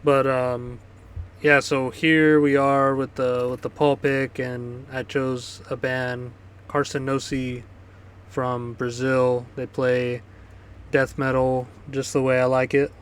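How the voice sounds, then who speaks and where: Casual rambling podcast host, flat delivery. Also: male voice, medium pitch, slow pace, clean tone. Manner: loose, rambling, swears casually. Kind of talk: casual chat.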